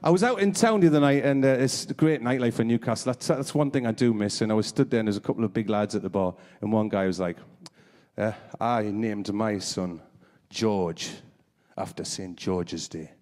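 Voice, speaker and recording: A man's voice: medium pitch, fast talker, few pauses, darkish tone, big-room sound. A man doing live stand-up as half of a comedy double act, chatting with the audience between jokes. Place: theatre stage.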